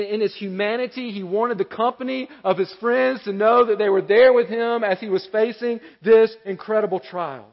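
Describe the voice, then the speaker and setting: Earnest male pastor, high voice, sermon in a reverberant sanctuary. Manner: earnest, repeats key phrases for emphasis. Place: church sanctuary. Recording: echoey church hall, dull lo-fi.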